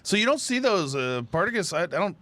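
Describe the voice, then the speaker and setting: A man co-hosting a podcast, reading relaxed, descriptive tasting notes in casual chat. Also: high-pitched, fairly quick, dry recording. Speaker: podcast co-host, cigar reviewer.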